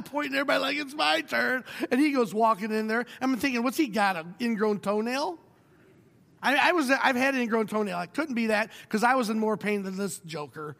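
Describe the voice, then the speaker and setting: A middle-aged male pastor preaching a sermon, telling a personal story with wry humor and moving between hushed and emphatic delivery. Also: extremely high pitch, fast talker, gravelly, in a large hall.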